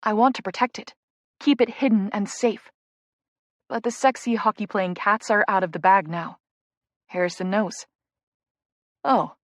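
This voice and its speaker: A woman's voice: medium pitch, fairly even intonation, moderate pace, no room sound. A woman narrating a first-person audiobook in an intimate, emotional inner-monologue manner.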